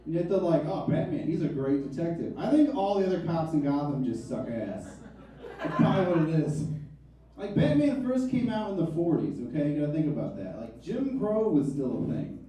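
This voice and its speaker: Comedian in his thirties, self-mocking and wry, with a soft, mellow tone; the recording is distant. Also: on the high side, very animated, moderate pace. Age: 30s. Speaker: stand-up comedian. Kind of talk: stand-up comedy set. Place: comedy club stage. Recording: echoey club, mic from far off.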